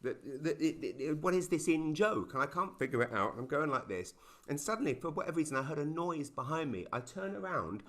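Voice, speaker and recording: A middle-aged British man doing a stand-up routine over a video call, telling stories with quick asides and punchy lines. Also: a little high. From Britain. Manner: animated storytelling with quick asides and sudden loud punchlines. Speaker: stand-up comedian. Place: home in a small town, performing over a video call.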